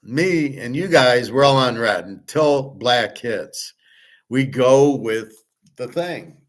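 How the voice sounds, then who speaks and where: A man hosts a sports betting talk with rambling, excited energy. He curses casually and trips over his own restarts as he runs through his picks. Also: mid-range voice, slow pace. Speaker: sports betting show host.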